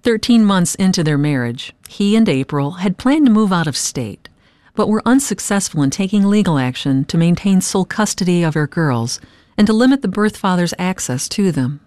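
A woman narrating a documentary from a script, with a measured, earnest delivery. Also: on the low side, expressive, darkish tone, dry recording.

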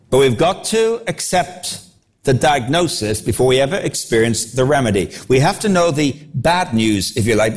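A man preaching a sermon, acting out the crowd's reactions with animated delivery. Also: on the high side.

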